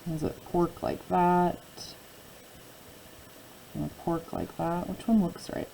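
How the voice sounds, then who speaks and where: A woman teaching a phonics spelling lesson, speaking slowly and patiently, repeating each word and asking the listener questions. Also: fairly low pitch, steady tone, creaky, mellow, a little hiss or hum, rough recording.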